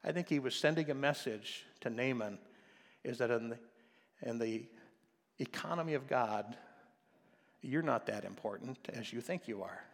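A male pastor preaching a sermon, swinging from quiet explanation to loud, emphatic passages. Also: mid-range voice, normal speed, gravelly, long pauses, big-room sound. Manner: preaching with rising intensity, shifting from quiet to loud.

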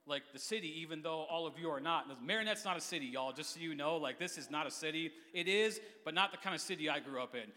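A man preaching as a youth pastor, his voice high and bright. His delivery is fast, playful and energetic, and long church reverb trails every line. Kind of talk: lively sermon. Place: church sanctuary.

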